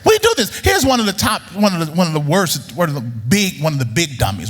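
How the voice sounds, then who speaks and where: Blunt, animated preacher man with a high voice. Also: a little fast, hardly any pauses, big-room sound. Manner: blunt, teasing, swings from low mutters to high outbursts. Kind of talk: sermon.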